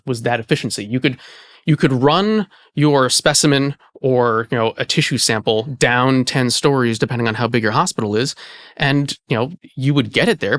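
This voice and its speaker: A man, an archivist hosting the conversation, explaining in a relaxed way with lots of "you know" fillers. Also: mid-range voice, dry recording, studio quality. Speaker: archivist and host. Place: indoor archive space.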